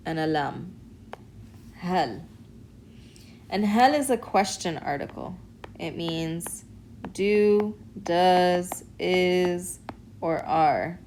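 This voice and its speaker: A woman teaching an Arabic alphabet lesson, explaining and demonstrating sounds in a patient, clear way. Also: on the low side, darkish tone, a little hiss or hum, low-quality recording. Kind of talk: recorded online lesson.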